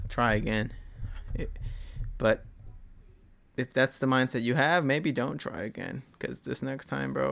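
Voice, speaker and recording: A young man with a gravelly, fry-laden voice at a middle pitch talks straight into his podcast. His motivational monologue rambles and is thick with swearing, blunt and unpolished. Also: fairly bright tone. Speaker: podcast host.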